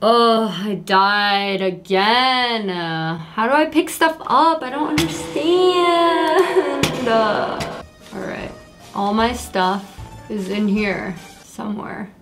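A young woman giving casual, excitable commentary while playing a video game for the first time, yelping at enemies. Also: mid-range voice, takes it slowly, music in the background. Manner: excitable, yelps and scolds at enemies. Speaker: gaming creator. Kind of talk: casual let's play commentary.

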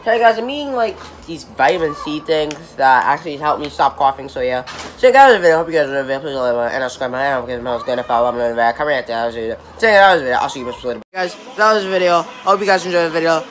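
A man's voice: on the high side, racing, few pauses, fairly bright tone. A young man hosting a casual reaction video from his apartment. He rambles, repeats himself and corrects himself mid-sentence. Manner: rambling, repetitive, self-correcting. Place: apartment room. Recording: noisy home recording.

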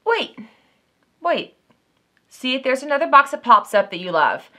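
A young woman from southern Texas with a warm drawl talks straight to her viewers about a box she's opening. Her voice sits a little high and stays bright and crisp. She keeps it chatty and excitable, sprinkling in plenty of y'alls. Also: quick pace. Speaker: vlogger, unboxing host. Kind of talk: casual unboxing chat to camera.

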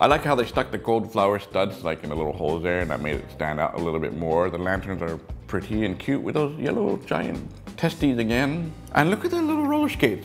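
Excitable guy doing a casual review vlog, pitch bouncing all over, soft guitar in the back. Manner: chatty, excitable, talks straight to viewers. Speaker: toy brick set reviewer, channel host.

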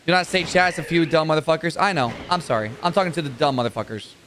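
Bright-voiced, blunt, swearing male streamer. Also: fairly high pitch, animated, quick pace, a little hiss or hum. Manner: blunt, profane, heated rants at chat. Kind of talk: live-stream chat while gaming.

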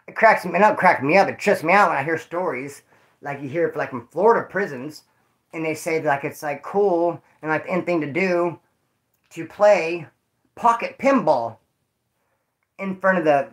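A man's voice: on the high side, fairly bright tone. Rambling, profane man telling stories. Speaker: vlogger telling prison stories. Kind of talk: casual storytelling to viewers.

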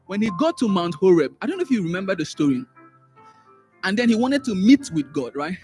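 A man teaching a Sunday school class. He repeats words, restarts phrases and swings up sharply in pitch and loudness when he stresses a point. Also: a little fast, soft background music. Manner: animated, rises sharply in pitch and volume for emphasis, trails off in asides. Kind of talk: church Bible teaching.

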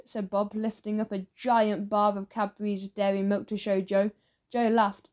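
A woman narrating a children's audiobook in a steady storytelling manner. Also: mid-range voice, unhurried.

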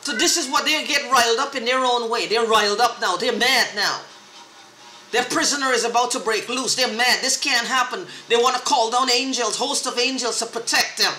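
High bright ranting woman, echoey room. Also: moderate pace, slight background noise. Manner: angry, profane, repetitive ranting. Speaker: vlogger. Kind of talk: agitated monologue to camera.

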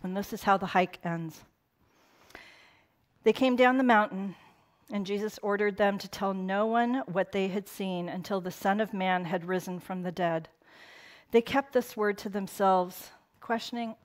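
A woman's voice: medium pitch, unhurried. A middle-aged woman preaching a sermon to a congregation. She talks in a loose, conversational way, with playful asides and bits of laughter. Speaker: pastor.

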